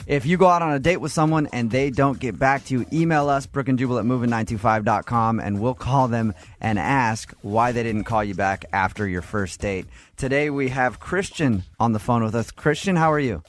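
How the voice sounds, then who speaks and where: Joking morning radio co-host, a man. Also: mid-range voice. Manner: joking, leads the interview with quick questions.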